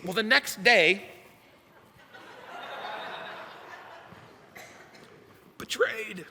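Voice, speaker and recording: A young male youth pastor delivers a sermon through a self-mocking personal story. His voice is slightly high and strikingly bright and forceful. It carries the long reverb of a church hall. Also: drawn-out words, gravelly, pauses often. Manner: animated, self-mocking storyteller acting out his own past lines.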